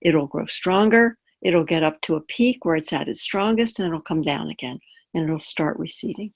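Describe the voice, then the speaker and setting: A woman chaplain teaching in an easy, conversational tone over a webinar. She draws on personal examples and keeps checking in with quick questions to her audience. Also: low-pitched, animated, gravelly. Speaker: palliative care chaplain. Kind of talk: webinar talk.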